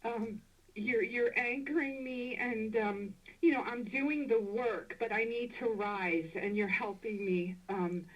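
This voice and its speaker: A woman calling in to a radio show, speaking emotionally and gratefully with many hesitant pauses. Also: a little high, fairly even intonation. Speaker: caller. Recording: dull, distant phone line.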